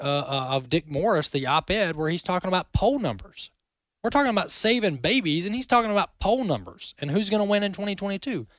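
Talk host, male, emphatic and opinionated, fairly high voice, dry studio sound. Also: a bit bright, no room sound. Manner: emphatic, rising to indignant. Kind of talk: opinionated commentary.

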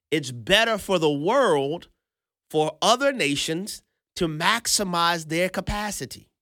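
A man's voice: fairly high pitch, a bit bright, dry recording, studio quality. A man hosting a political commentary show, playful and emphatic, repeating points and laughing often.

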